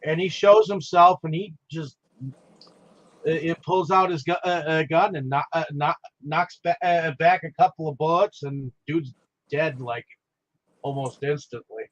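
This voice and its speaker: Halting man in a movie chat. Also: on the high side, highs cut off. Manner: halting, many restarts and fillers. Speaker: podcast co-host. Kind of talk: casual movie discussion.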